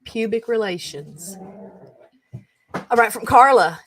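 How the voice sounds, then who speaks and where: A woman's voice: medium pitch, lively intonation, a little slow, a little hiss or hum. A woman hosting a casual show, reading funny text messages aloud and chatting about them in an amused way. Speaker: host of a comedy roundup show.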